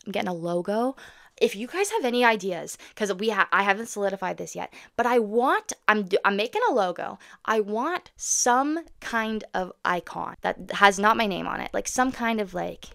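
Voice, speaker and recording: Woman vlogging to camera, talks fast and rambly, bit of vocal fry, dry close sound. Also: medium pitch, lively intonation, fairly bright tone, dry recording. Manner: fast, rambling, frank, with laughs and swearing. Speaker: autism content creator. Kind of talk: candid talk to camera.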